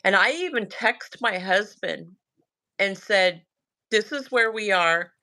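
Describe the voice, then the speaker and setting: A woman's voice: medium pitch, takes it slowly. A woman with a Southern US accent, telling a story in casual chat and acting out the lines of her son and herself. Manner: animated, quotes her son and herself, laughs often. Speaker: guest telling a sighting story.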